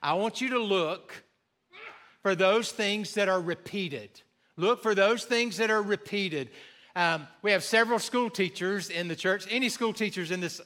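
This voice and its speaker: A man preaching a sermon to his congregation in a church, animated and joking with the listeners, slowing his words down to stress key points. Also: high-pitched. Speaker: pastor. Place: church sanctuary before a congregation.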